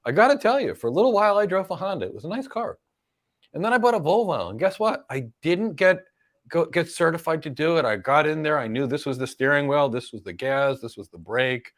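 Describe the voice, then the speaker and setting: A middle-aged American cloud career coach hosts a live Q&A, dispensing career advice emphatically with rhetorical questions and repeated key points. His voice is a little high and a bit bright, fairly quick, with big pitch swings.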